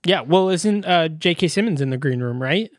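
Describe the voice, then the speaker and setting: A man's voice: a little high, animated, normal speed, no room sound, clean studio sound. A man co-hosting a podcast, casually reviewing a movie and animatedly retelling scenes while acting out the characters' lines. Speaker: podcast co-host.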